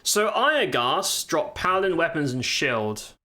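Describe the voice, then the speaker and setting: A man's voice: a little high, big pitch swings, a little slow, sharp tone. A man streaming live gameplay with commentary, swearing and exclaiming while chatting to viewers. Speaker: game streamer. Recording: game music underneath. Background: faint game music.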